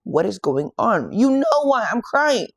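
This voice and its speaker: A woman's voice: low voice, animated, a little slow, vocal fry, husky, exaggerated voice. A woman acting out an exasperated, pleading mother. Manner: indignant, pleading questions. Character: distraught, exasperated desert mother pleading with an angel.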